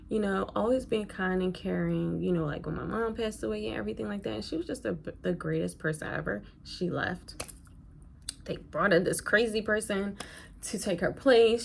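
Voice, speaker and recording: A woman's voice: mid-range voice, creaky, slight background noise. A woman who works as a nurse, chatting casually and rambling through a story while she does her makeup. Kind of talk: casual get-ready-with-me chat.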